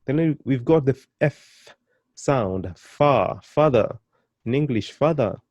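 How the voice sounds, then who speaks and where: A man teaching a beginner pronunciation lesson, drilling syllables slowly and encouraging the learner. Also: mid-range voice, lively intonation, darkish tone, dry recording. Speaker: language teacher.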